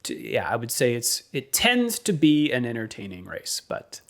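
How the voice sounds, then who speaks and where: A man co-hosting a motorsport podcast, reading weather and standings in a steady way with frequent ums and uhs. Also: medium pitch, normal speed, vocal fry. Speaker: podcast co-host.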